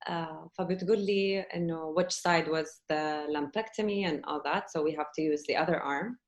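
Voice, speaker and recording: A woman guest on a podcast telling a personal story in lively conversation and acting out the dialogue as she goes. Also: sits low, a little fast. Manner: animated, acts out quoted dialogue.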